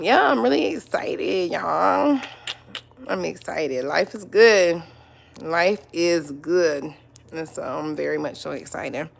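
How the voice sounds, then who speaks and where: A woman's voice: lowish voice, creaky, a bit bright. Chatty woman vlogger on a livestream. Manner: chatty, repeats herself, greets viewers by name. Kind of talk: casual live-stream chat.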